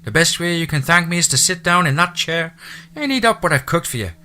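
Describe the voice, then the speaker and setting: A man's voice: on the high side, expressive, brisk, pushed and bright, pitched above the performer's own voice. A man voicing a chatty middle-aged Irish housekeeper in an audiobook, with a cheerful, motherly Irish brogue. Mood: cheery, motherly. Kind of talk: audiobook character voice.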